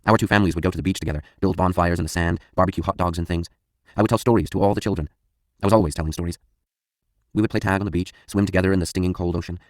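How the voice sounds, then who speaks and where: A man narrating a first-person audiobook with a very low voice. He reads at a rapid, matter-of-fact clip. The booth sound is dry and close. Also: no room sound.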